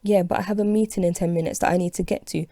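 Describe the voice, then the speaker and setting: Irate businessman in a suit, brusque, complaining, storybook reading, put on by a woman with a dark low voice. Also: fairly even intonation, racing, no room sound, clean studio sound, natural voice. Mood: indignant. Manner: indignant, complaining. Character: angry suited businessman, male adult, brusque.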